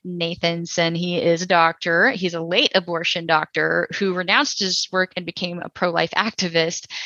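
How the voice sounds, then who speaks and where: A woman from Texas co-hosting a casual podcast, her voice bright and a little sharp. She talks loosely, full of "like"s and quick jokey asides. The sound is dry and slightly dull. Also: fairly low pitch, no room sound. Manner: chatty, many "like"s and "you know"s, jokey asides. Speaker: podcast co-host.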